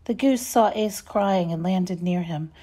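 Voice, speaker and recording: A woman reading a children's story aloud, expressive and measured. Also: fairly low pitch. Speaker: reader.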